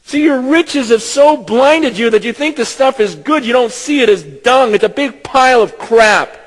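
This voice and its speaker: A man's voice: very high voice, lively intonation, normal speed, long reverb tail, poor audio. A man preaching a sermon as pastor, impassioned and blunt, acting out conversations as he speaks.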